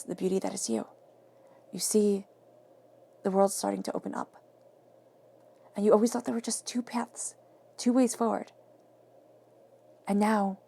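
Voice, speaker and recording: A woman giving a spoken tarot reading, emphatic and affirming, often dropping into soft whispers. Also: medium pitch, creaky. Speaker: tarot reader.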